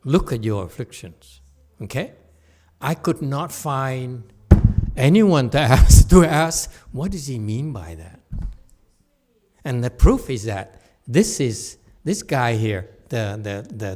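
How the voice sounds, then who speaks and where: A man giving a teasing dharma lecture in a Buddhist hall, laughing often, repeating himself, and moving from soft asides to loud emphasis. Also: mid-range voice, lively intonation, slow.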